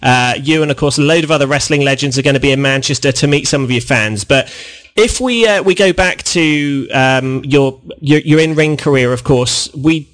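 A man's voice: mid-range voice, normal speed, fairly bright tone. Upbeat man hosting a radio interview. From United Kingdom. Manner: upbeat, many uh and you know fillers. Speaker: radio show host.

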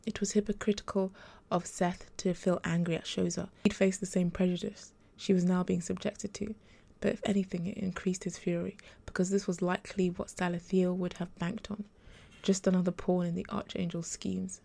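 A woman reading her own fantasy romance novel aloud as a podcast storyteller, steady and unhurried. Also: fairly low pitch, gravelly.

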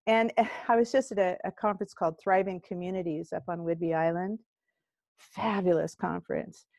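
A woman's voice: lowish voice, moderate pace, vocal fry, dry recording. An older woman, a singer-songwriter and courage coach, telling stories in a casual interview and acting out the voices she quotes. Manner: animated storyteller who acts out quoted voices.

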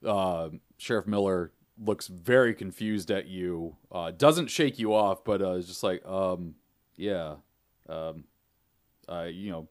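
A man narrating as game master in a casual tabletop game, with a relaxed manner, laughing often and filling pauses. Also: low voice, no room sound, studio quality.

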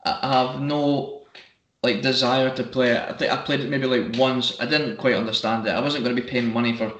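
Man, casual podcast chat, storytelling, middle pitch, echoey room. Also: fairly even intonation, brisk, fairly bright tone. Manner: storytelling with bursts of put-on voices.

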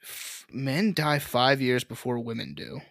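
A man's voice: medium pitch, measured pace, vocal fry, a bit bright, dry recording, clean studio sound. A man co-hosting a casual podcast, reading headlines aloud and laughing often. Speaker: podcast co-host.

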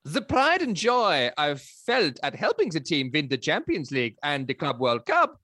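A man doing an earnest German football coach reading his farewell, with a thick put-on German accent and a voice that climbs high and swings all over. The sound is bright and dry, close to the mic. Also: wildly swooping pitch, normal speed, dry recording, heavily acted. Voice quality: lilting, rising pitch.

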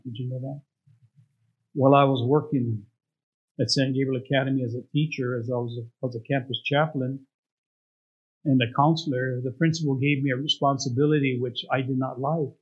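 A man's voice: mid-range voice, husky. A man preaching a storytelling sermon as pastor, often asking the congregation rhetorical questions. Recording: dull lo-fi recording.

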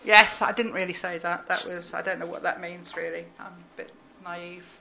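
A woman poet reading her poem aloud, then chatting as a guest in a halting way with frequent fillers. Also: on the low side, steady tone, gravelly. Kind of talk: poetry reading and casual interview chat.

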